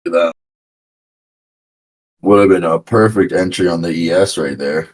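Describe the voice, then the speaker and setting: Young male trader, lowish voice, slangy and chatty, casual stream banter. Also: measured pace. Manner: rambling, slangy, animated storytelling. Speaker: day trader streaming live. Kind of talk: casual chat.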